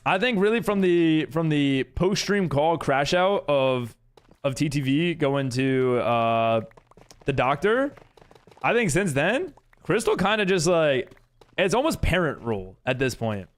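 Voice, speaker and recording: Giggly, rambling male streamer, lively pitch. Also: unhurried. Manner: rambling, giggly, reads chat aloud. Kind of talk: casual live-stream chat with viewers.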